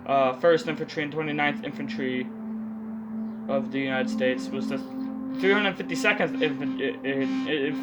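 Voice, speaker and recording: A man's voice: mid-range voice, moderate pace, lo-fi sound. A young man reading out historical facts in a casual commentary, stumbling over names and correcting himself with muttered asides. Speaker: video creator. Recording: music playing loud under the voice.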